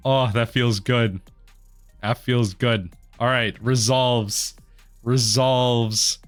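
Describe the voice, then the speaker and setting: Guy narrating his card game, slow drawl, mumbles then yells when it goes well, faint music behind. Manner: mutters low then erupts into excited yelling. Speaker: gaming video host. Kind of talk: live card game commentary.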